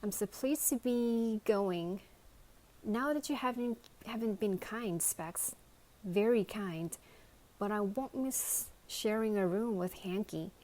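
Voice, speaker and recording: A woman's voice: medium pitch, slow pace, mellow, natural voice. A woman voicing an eager, chatty lost toy in a storybook reading.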